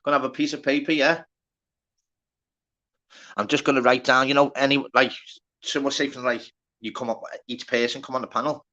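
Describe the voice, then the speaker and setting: A man's voice: medium pitch, little pitch movement, fairly quick, long pauses, bright, forceful tone, highs cut off. A man with a Liverpool accent hosting a casual live stream, chatty and sweary, greeting viewers by name. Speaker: livestream host.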